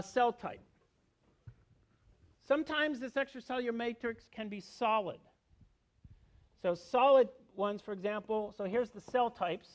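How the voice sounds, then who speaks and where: Man, middle-aged, high voice, university biology lecture, explanatory, asks questions. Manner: explanatory, asks students questions, frequent "okay?". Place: lecture hall.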